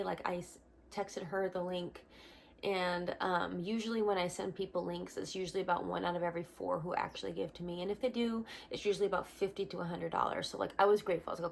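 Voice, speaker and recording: A young woman, a missionary, telling her personal testimony in an earnest, animated vlog at home. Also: fairly low pitch, fast talker, creaky, a little hiss or hum.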